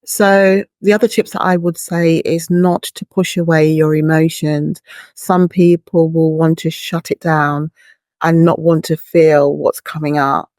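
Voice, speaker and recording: In a reflective interview, a bereaved mother in middle age talks as a guest with a deep, darkish voice, unhurried pace, and fairly even intonation. She is earnest and heartfelt, laying out her thoughts through long, patient images, with clean studio sound and no echo.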